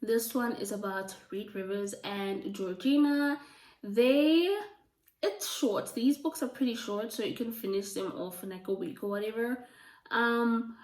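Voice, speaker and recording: A woman's voice: on the high side, a little slow. Chatty woman reviewing books, roomy sound. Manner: chatty, gushing, full of "like" and "um". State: voice going hoarse. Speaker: book reviewer. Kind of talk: casual book review chat. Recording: roomy, from a distance.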